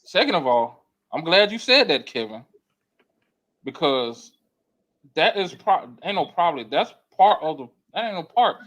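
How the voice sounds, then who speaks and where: Lively, profane man sounding off. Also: fairly high pitch, measured pace, low-quality recording. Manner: emphatic, profane, exasperated commentary. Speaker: podcast co-host. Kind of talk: casual chat.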